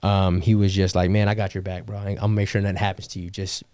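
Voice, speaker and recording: Young man telling stories, low mellow voice. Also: flat delivery, fast talker, dry recording. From California. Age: young adult. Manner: slangy, swears, laughs often, quotes people. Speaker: podcast guest. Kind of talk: casual storytelling.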